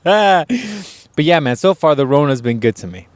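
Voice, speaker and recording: A man's voice: medium pitch, animated, moderate pace, clear, resonant tone. A man co-hosting a casual podcast, ranting with lots of swearing and mocking people in put-on voices. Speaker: podcast co-host. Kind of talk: crude casual chat.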